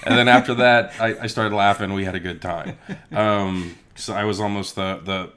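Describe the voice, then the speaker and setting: A man with a low voice co-hosting a casual podcast. He tells stories in a relaxed, laid-back way and drops the odd swear word. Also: moderate pace. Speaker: podcast co-host. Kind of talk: casual chat.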